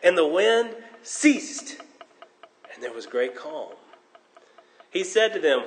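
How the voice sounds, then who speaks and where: Pastor, male, higher-pitched voice, expressive preaching style, recorded with long hall reverb. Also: slow, long pauses. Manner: animated, swinging from loud emphasis to hushed tones; jokes at his own expense. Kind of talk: sermon.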